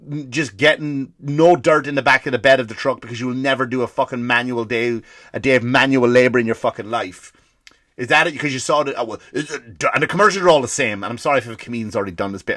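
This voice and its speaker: A man's voice: medium pitch, fairly bright tone, no room sound, studio quality. A man hosting a comedy podcast, ranting profanely and firing off rhetorical questions. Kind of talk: comedic rant.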